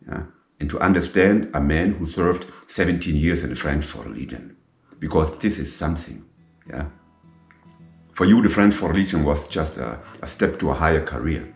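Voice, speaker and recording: Very deep, gravelly-voiced middle-aged man. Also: lively intonation. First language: German. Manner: slow, emphatic and repetitive, with French military terms. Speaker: former legionnaire telling his story. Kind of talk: personal storytelling monologue. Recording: echoey room with faint guitar music.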